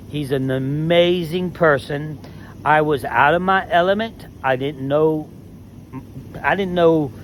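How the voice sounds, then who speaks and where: A man with a somewhat high voice, talking in a casual, heated rant. He is emphatic and swears freely. A faint noise hums behind him. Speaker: former reality show contestant.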